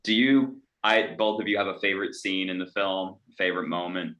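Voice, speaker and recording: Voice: deep voice, fairly quick, a bit bright, highs cut off. An interviewer asking questions in a playful, lightly teasing way.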